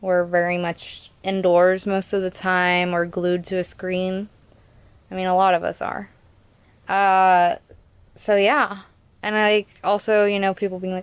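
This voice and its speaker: A woman's voice: lowish voice, level tone, a little slow, clean tone, no room sound. A young woman casually reviewing a book in a chatty, rambling way, with fillers and little laughs.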